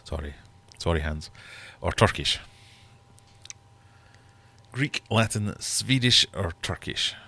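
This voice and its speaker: Deep-voiced jokey quiz host. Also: male voice, lively intonation, takes it slowly, gravelly, pauses often, bright, forceful tone, slightly rough. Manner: chatty, jokey, teasing viewers. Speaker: livestream host running a quiz. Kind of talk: casual live-stream chat. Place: home fish room.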